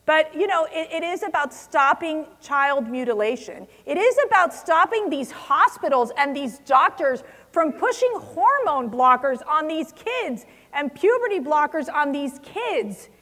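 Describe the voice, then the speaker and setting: A woman with a high, sharp voice gives a very animated conference speech, a little slow yet with hardly any pauses. She stresses words hard with passionate emphasis, her voice echoing with long reverb through a large convention hall.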